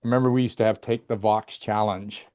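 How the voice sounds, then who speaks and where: A man's voice: on the low side, fairly even intonation, a little fast, darkish tone, a little hiss or hum. A man hosting a casual interview, easygoing, with frequent affirmations. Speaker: host.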